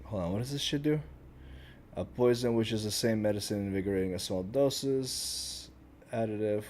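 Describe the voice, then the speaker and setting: A man's voice: on the low side, moderate pace, darkish tone, a little hiss or hum. A man streaming a game, muttering and swearing as he works out the controls. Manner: profane, swears a lot, frustrated muttering. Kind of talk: casual gaming commentary.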